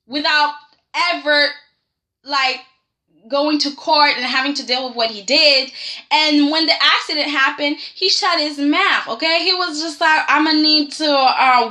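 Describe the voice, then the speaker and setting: A woman hosting a casual soap-opera review vlog, animated and sassy, repeatedly pressing her point with "okay?". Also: high-pitched. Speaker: host.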